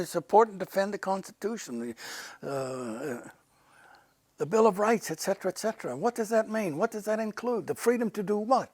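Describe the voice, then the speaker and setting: A man's voice: sits high, expressive, a little fast, a little mellow, no room sound. An older man, a retired Air Force general, telling earnest stories in an interview and repeating words for emphasis. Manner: earnest anecdotes with emphatic repetition. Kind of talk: casual storytelling interview.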